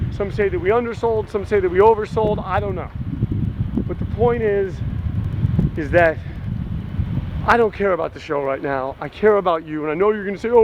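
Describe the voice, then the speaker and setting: A man's voice: high-pitched, lo-fi sound, natural voice. An actor playing a dumped young man who rambles and pleads in a video message to his ex, outdoors near traffic. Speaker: lead character in a short comedy film. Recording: street noise with passing vehicles.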